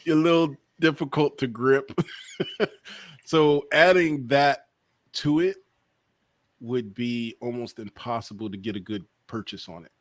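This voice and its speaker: A man's voice: medium pitch, a little slow, pauses often, no room sound. A man hosting a casual livestream chat, rambling with lots of fillers and trailing asides. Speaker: podcast host.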